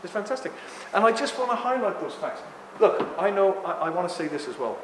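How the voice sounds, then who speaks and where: Speaking at a talk before a live audience, an Englishman in his sixties rambles animatedly, rants, then apologizes for it. His slightly high voice moves fairly quickly, and the recording is roomy, with long hall reverb and faint background noise.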